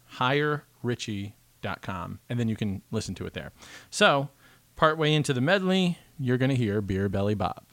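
A man co-hosting a podcast, talking casually and joking his way through tangents. His voice sits at an ordinary middle pitch. It is recorded close and dry, with no room sound. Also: sing-song, a little fast, fairly bright tone, dry recording. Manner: chatty, joking, rambling. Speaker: podcast co-host. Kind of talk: casual chat.

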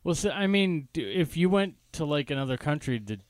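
A man on a casual podcast who chips in with quick joking asides. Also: fairly high pitch, lively intonation, no echo, clean studio sound.

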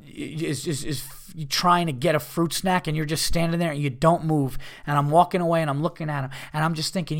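A man's voice: fairly high pitch, steady tone, fairly quick, vocal fry, hardly any pauses. A man in his thirties hosting a podcast, telling a long story in a rambling, heated way and swearing often. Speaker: podcast host. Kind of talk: profane storytelling monologue.

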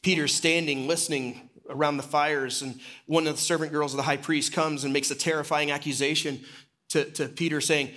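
A man, an executive pastor, preaching a sermon and retelling a story, dropping low and quiet at solemn moments. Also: little pitch movement, brisk.

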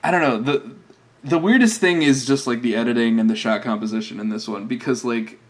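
A man's voice: mid-range voice, fairly quick. A man co-hosting a podcast, discussing a film in a casual, chatty way with frequent laughs and fillers. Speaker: podcast co-host.

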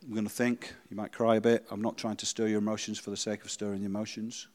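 A man preaching a sermon and leading a congregation in quiet prayer. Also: on the low side, little pitch movement, fast talker, big-room sound. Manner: reads a story aloud, then speaks softly and prayerfully. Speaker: pastor.

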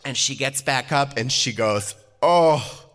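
A man telling a personal anecdote in an animated way, laughing often as he goes. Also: mid-range voice, moderate pace, slight background noise.

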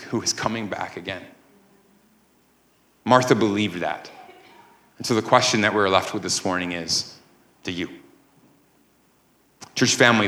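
A man's voice: on the low side, a bit bright. A man preaching a sermon as pastor, emphatic, with rising and falling cadence. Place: church sanctuary. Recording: echoey church room.

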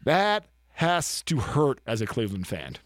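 Animated, joking man. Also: mid-range voice, measured pace, no echo. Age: 30s. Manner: animated, joking, trash-talking. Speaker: sports talk show co-host. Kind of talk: casual chat.

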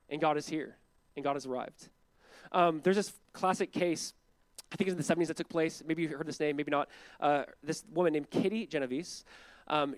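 A young man preaching a casual, conversational sermon, earnest and quick to act out quotes in lively voices. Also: fairly high pitch, no room sound. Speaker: pastor.

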